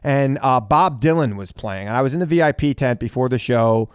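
A man's voice: medium pitch, fairly quick, smooth, dry recording, studio quality. A man in his forties hosting a talk radio show, chatting casually and telling stories with enthusiasm.

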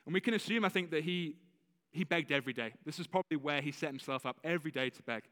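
A fairly high-voiced man preaching a sermon in a relaxed, conversational way, with a slight lisp. His voice rings with the long reverb of a church hall. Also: fast talker. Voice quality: slight lisp on some words. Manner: conversational, with self-corrections and laughs. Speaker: pastor.

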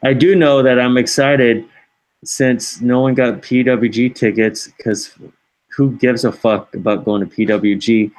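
A man's voice: mid-range voice, fairly even intonation, a little slow, a little mellow, poor audio. A man co-hosting a wrestling podcast, making wry, laid-back remarks in casual chat. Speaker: podcast co-host.

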